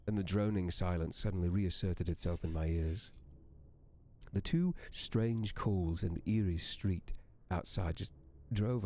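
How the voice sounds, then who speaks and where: A man with a very deep, gravelly voice reads a horror story aloud in slow, steady storytelling. His tone is dark and warm, and the sound is close and dry. He reads as a streamer for his audience. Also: dry recording.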